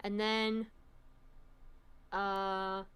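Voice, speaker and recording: Bright, giggly young woman. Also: medium pitch, little pitch movement, very slow, smooth. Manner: slangy, giggly storyteller. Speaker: co-host guest. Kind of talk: casual stream chat.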